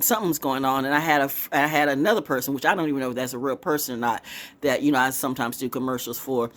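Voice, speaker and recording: A woman vlogging in a casual, rambling monologue, swinging from hushed asides to excited exclamations. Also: deep voice. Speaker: spiritual vlogger, oracle reader.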